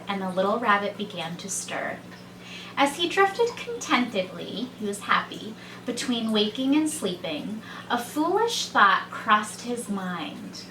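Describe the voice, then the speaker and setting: A woman who reads a children's story aloud slowly and gently, as a teacher. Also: fairly high pitch, slight background noise. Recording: echoey room, mic far off, faint ambience.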